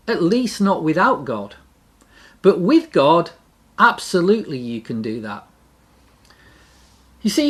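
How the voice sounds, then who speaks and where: Lively devotional speaker. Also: mid-range voice. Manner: animated, emphatic repetition. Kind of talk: devotional talk.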